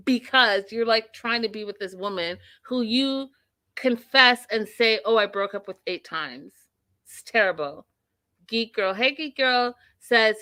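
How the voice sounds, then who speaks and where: A woman hosting a live TV recap stream, giving blunt opinions and reading viewer comments aloud in a casual, animated way. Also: medium pitch, no room sound. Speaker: host of a live TV recap show.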